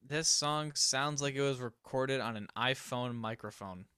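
A man's voice: mid-range voice, unhurried, bright, forceful tone, clear, resonant tone, dry recording, studio quality. A man co-hosting a music podcast, chatting casually, blunt and opinionated, often trailing off into hedges. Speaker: podcast co-host. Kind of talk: casual chat about music.

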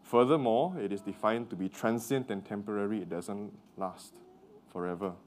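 A man's voice: fairly low pitch, normal speed, a little hiss or hum. A man whose first language is Mandarin, preaching a sermon in a conversational way and often checking in with the congregation with questions.

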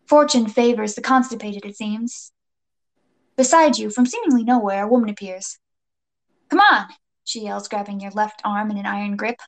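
A woman's voice: mid-range voice, steady tone, normal speed. Playful woman narrating a comic adventure. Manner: playful, dramatic, jokey asides. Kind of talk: second-person comic story narration.

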